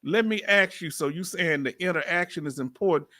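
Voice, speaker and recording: A man with a Southern accent hosts a live question-and-answer chat, pressing his guest with blunt, searching questions. His voice is sharp and bright, and it sounds close and dry. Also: on the high side, brisk, no room sound. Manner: direct, probing, casual slang. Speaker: channel host.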